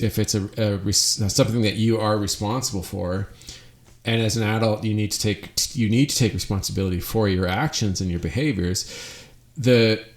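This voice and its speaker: Earnest, low-voiced man talking alone. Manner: earnest, reflective, repeats and restarts phrases. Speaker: podcast host. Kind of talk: solo podcast monologue.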